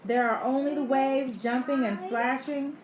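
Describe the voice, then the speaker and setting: A woman reading a children's picture book aloud in an expressive, playful way. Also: sits high, measured pace. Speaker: storybook reader. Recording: echoey room, faint background noise.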